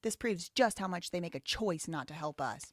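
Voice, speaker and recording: A woman's voice: lively intonation, normal speed, no room sound, clean studio sound. A woman from the Southern US hosting a live stream, reading super chats and giving blunt, outspoken commentary. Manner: blunt, outspoken, rising loud and high when heated. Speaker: livestream host.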